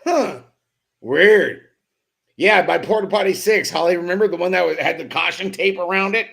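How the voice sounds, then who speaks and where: A man with a somewhat high, gravelly voice hosts a casual live stream. He reads viewer comments aloud, calls out chatters by name, and keeps the banter profane and full of laughter. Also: moderate pace, fairly bright tone. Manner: joking, profane, laughs often; loose and teasing with chatters by name. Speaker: host of a BMX live show.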